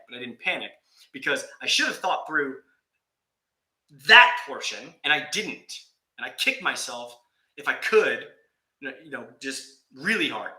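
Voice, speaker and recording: A man telling a story in a casual vlog, animated with exasperated humor. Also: mid-range voice. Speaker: aquarium YouTuber. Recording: echoey room.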